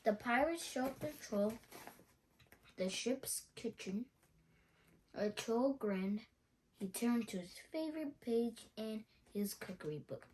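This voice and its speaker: A woman reading a children's storybook aloud in a slow, expressive way. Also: fairly high pitch, a little hiss or hum. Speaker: storybook reader.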